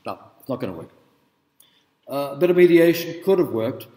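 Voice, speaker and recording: A man's voice: medium pitch, expressive, brisk, mellow. A middle-aged man giving an informal university lecture, telling anecdotes and checking in with the audience. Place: lecture hall. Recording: echoey hall reverb.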